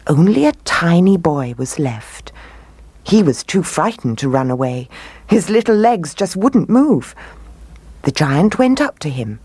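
A woman telling a children's story aloud in a gentle, expressive read-aloud manner. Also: lowish voice, measured pace, breathy edge, no echo.

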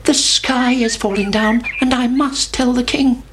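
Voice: medium pitch, steady tone, measured pace, background noise, voice pushed up, lightly acted. A storyteller putting on a panicky little male chick in a children's story, alarmed and urgent. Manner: breathless, alarmed. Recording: bird chirps behind.

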